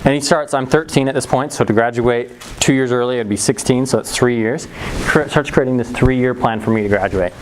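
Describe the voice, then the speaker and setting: A middle-aged man tells a personal story to an audience in a fairly quick, animated storytelling talk, acting out quoted voices with big pitch jumps and laughing often. The recording is rough, with slight background noise.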